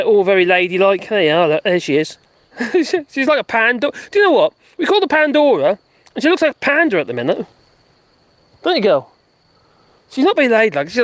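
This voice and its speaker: A host rambles through a casual live stream outdoors in a garden. The voice swings widely in pitch and laughs often. The sound is dry, with little room around it. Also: no echo. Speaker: livestream host.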